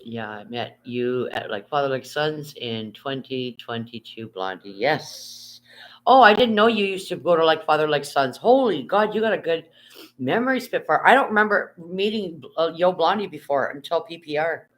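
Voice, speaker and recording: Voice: medium pitch, expressive, normal speed, fairly bright tone. A live streamer in casual chat, rambling and reading viewer comments aloud, talking from bed into a phone held in hand. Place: at home, lying in bed.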